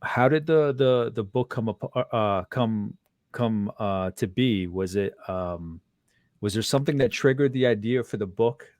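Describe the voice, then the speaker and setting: A man's voice: fairly low pitch, darkish tone, no room sound, clean studio sound. A man hosting a podcast interview, asking long questions that stop and restart with fillers. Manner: halting, restarts often with fillers. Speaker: podcast host.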